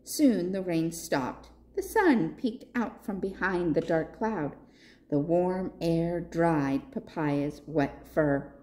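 A woman reading a picture book aloud for a library storytime, expressive and asking the listeners questions. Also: on the low side, takes it slowly. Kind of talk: children's read-aloud.

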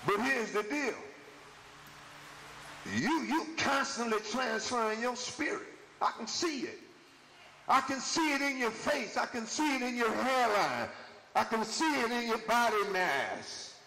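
A man preaching a live sermon as bishop, building into shouted, repetitive preaching cadences with the congregation answering. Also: extremely high pitch, lively intonation, a little slow, gravelly, big-room sound. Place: church sanctuary with congregation. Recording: noisy live church recording.

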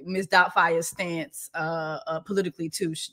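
A woman hosting a casual celebrity gossip show, talking loud and profane, laughing often and reading viewer comments aloud. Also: fairly low pitch, level tone, normal speed. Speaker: show host.

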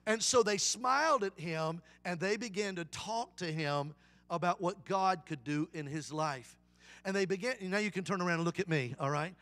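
High-voiced evangelist preaching a sermon. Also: male voice, moderate pace. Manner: animated call-and-response preaching. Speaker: guest evangelist. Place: church service.

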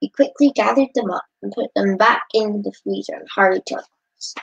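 A woman reads a children's storybook aloud at home, in a middle-pitched voice. Her reading is plain and unpolished, with small slips along the way. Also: a little fast, vocal fry, muffled recording. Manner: reading with occasional slips and laughs. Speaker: storybook reader.

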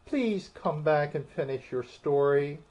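Man voicing young girl, earnest, pleading, raised pitch, storybook, muffled. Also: expressive, a little slow, darkish tone. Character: eager, polite young girl. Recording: muffled, dull audio.

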